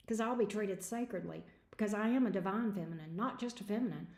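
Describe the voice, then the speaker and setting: A woman's voice: medium pitch, fast talker, darkish tone, reverberant. A woman giving a livestream tarot reading in a frank, chatty way with casual slang. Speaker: tarot reader.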